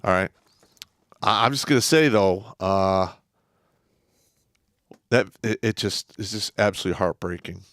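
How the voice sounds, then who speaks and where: A man co-hosting a live stream, giving measured, earnest opinions with filler restarts while having a drink. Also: deep voice, a bit bright, no room sound, studio quality. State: drinking beer. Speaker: co-host. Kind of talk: casual live-stream commentary.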